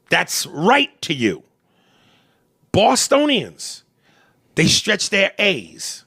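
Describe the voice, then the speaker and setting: Lively podcast guy, bright voice, swings up and down a lot, dry close sound. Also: sits high, slow pace, pauses often, breathy edge, no echo. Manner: animated, mimics accents, profane. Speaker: podcast co-host. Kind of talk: crude comedic podcast banter.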